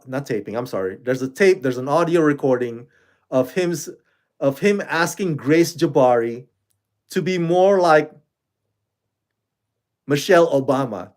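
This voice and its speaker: Talking to camera on his online reaction channel, a man sounds loose and animated, with plenty of fillers and false starts. His voice sits on the high side.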